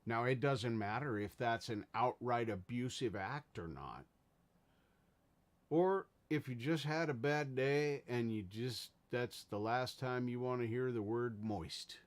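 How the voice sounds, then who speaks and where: A man's voice: medium pitch, measured pace. Male streamer, mid-range voice, earnest and rambling, chatting with viewers from home. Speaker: livestream host. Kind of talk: casual livestream talk.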